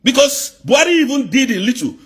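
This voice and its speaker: A man with a very high, husky voice. He rants angrily about politics, firing off repeated rhetorical questions and breaking into shouts. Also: sing-song, fast talker. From southeast Nigeria. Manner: fiery, repetitive rhetorical questions, bursts of shouting. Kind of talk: angry political rant.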